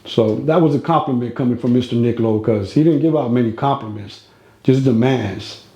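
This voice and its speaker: A man's voice: medium pitch, brisk, dark tone. A man telling a casual, slangy, rambling story from his own life, recorded with a roomy echo. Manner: slangy, rambling, street talk.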